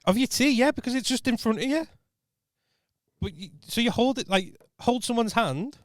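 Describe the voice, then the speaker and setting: A man's voice: very high-pitched, lively intonation, normal speed, no room sound, clean studio sound. A man co-hosting a podcast, bluntly teasing and rambling with many restarts. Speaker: podcast co-host. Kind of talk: casual chat.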